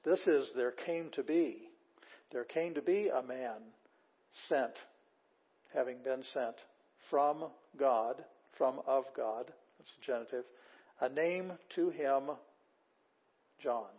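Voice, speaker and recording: An older man teaching a class in a patient, explaining way, often pausing with fillers and restarting sentences. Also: medium pitch, slightly rough. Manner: plain, patient explaining with fillers and restarts, reading words slowly aloud. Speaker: Bible Greek teacher. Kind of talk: classroom lecture. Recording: dull, lo-fi lecture recording.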